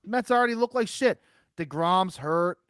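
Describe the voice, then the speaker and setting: A man's voice: high voice, animated, normal speed, fairly bright tone, smooth, dry recording. A man co-hosting a sports podcast in casual, profane chat, rambling with lots of fillers and restarts. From Philadelphia area. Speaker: podcast co-host.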